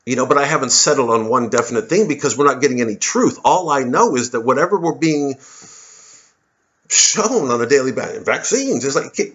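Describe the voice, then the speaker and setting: A man's voice: mid-range voice, a bit bright, highs cut off. A man in his forties in a casual, rambling monologue, full of swearing and restarts. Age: 40s. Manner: rambling, profane, many restarts. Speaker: comedian vlogger.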